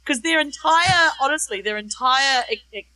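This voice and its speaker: Lively New Zealand woman storyteller. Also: sits high, normal speed, slight background noise. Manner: lively storyteller, acts out quotes. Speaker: guest author. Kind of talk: casual interview chat.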